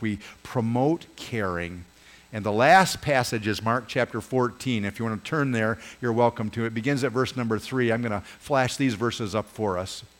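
A man preaching a sermon as pastor, earnest, swelling and dropping his voice for emphasis and speaking straight to his congregation. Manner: earnest, rises and falls in pitch and volume for emphasis; addresses congregation directly, asks them to join in.

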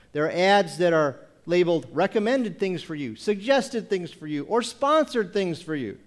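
A man with a notably high voice preaches a sermon. He presses his point through strings of rhetorical questions and reads scripture aloud, slowing down on the phrases he wants to stress. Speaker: pastor.

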